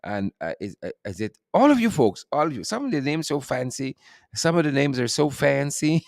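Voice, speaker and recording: A man's voice: medium pitch, big pitch swings, measured pace, vocal fry, no room sound, studio quality. A middle-aged Guyanese man hosting a casual live stream, teasing playfully, laughing often and reading out viewer names. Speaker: host.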